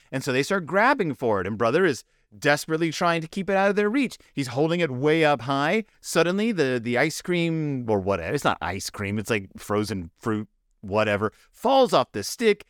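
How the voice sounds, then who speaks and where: Animated, rambling man with wry asides. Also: a little high, clear, resonant tone, no echo, studio quality. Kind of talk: comic book review commentary.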